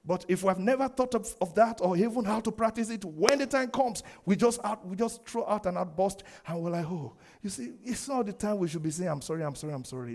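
A man preaching a sermon, animated, laughing often and acting out the quoted lines. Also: a little high. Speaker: pastor.

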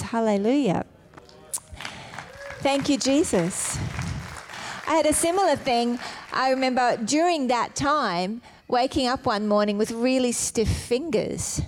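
Middle-aged woman preacher, fervent, fairly high voice. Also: darkish tone. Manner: fervent, exclaims hallelujah often. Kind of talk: sermon.

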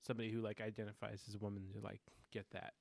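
A man co-hosting a podcast, chatting in a relaxed, hesitant way with many fillers. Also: on the low side, rapid-fire, creaky, dry recording, clean studio sound. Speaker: podcast co-host. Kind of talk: casual chat.

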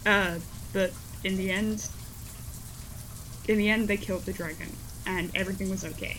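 A woman playing a haunted, grieving college student who speaks softly and grows jumpy. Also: medium pitch, fairly even intonation, a little slow, long pauses, a little hiss or hum, natural voice, poor audio. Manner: shaken, soft-spoken, snapping when frightened.

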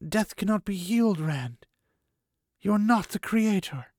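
A man voicing a composed woman sorceress, pitched up, gentle but urgent, while reading a fantasy novel aloud. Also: expressive, unhurried, dry recording, studio quality. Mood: firm.

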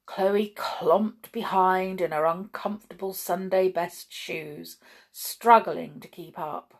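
A woman reading a children's book aloud chapter by chapter, expressive, with chatty asides to her listeners. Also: fairly low pitch, takes it slowly. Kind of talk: storybook read-aloud.

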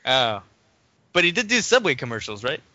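A man's voice: medium pitch, big pitch swings, normal speed, pushed and bright, dry recording, lo-fi sound. A man co-hosting a casual podcast chat, joking and laughing often. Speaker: podcast co-host.

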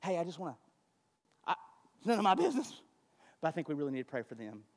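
A man voicing a falsely pious gossiping churchgoer in a low, confiding, mock-concerned murmur. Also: big pitch swings, fast talker, darkish tone, long reverb tail. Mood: hushed gossip.

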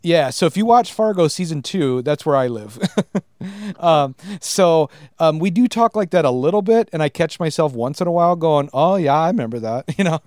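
A man's voice: on the high side, expressive, normal speed, a little mellow, no room sound, clean studio sound. A man from Minnesota with a Minnesotan accent, hosting a casual podcast interview in an easygoing way, laughing often. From Minnesota, US Midwest. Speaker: podcast host.

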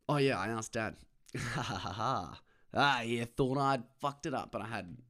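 A man's voice: mid-range voice, normal speed, fairly bright tone. Rambling, sweary man. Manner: rambling, sweary, self-mocking, laughs often. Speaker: vlogger. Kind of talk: casual solo monologue to camera.

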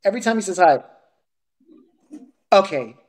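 Male podcast co-host; crude, profane storyteller with an animated, swinging delivery. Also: high-pitched, normal speed. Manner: crude, profane ranting storytelling with frequent laughter. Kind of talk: casual chat.

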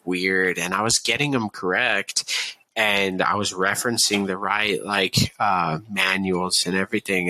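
A man's voice: fairly low pitch, sharp tone, no room sound. A profane young man telling army stories. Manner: profane, laughs through his own story. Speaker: podcast guest. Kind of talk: casual storytelling.

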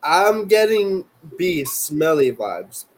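A man competes on a casual quiz, joking as he walks through his reasoning for each answer. His voice sits a little higher than most men's. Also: big pitch swings, slow. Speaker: quiz contestant.

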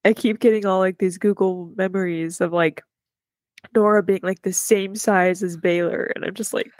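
A woman's voice: medium pitch, fairly even intonation, moderate pace, a little mellow, dry recording, clean studio sound. A young woman, a mother and podcast co-host, talking earnestly and reflectively in casual chat with many filler words.

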